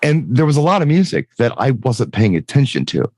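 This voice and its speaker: Middle-aged guest, mid voice, dry mic, reflective with wide pitch swings. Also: male voice, very animated, a little fast, darkish tone, no room sound. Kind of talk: casual chat.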